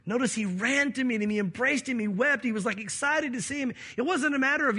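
A male pastor preaching with a high, husky voice. He walks through the scripture and now and then acts out the quoted voices of the people in the story. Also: fairly quick, hardly any pauses, sharp tone. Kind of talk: sermon.

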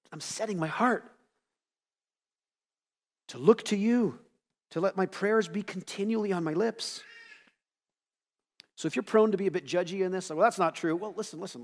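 A man from the United States preaching a sermon to his church, conversational and animated, with rhetorical asides. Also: on the high side, long reverb tail. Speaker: pastor.

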